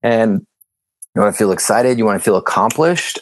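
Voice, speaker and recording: A man telling lively stories as a podcast guest, acting out the dialogue and laughing often. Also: lowish voice, moderate pace, slight background noise. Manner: animated storyteller, acts out dialogue, laughs often. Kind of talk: casual interview chat.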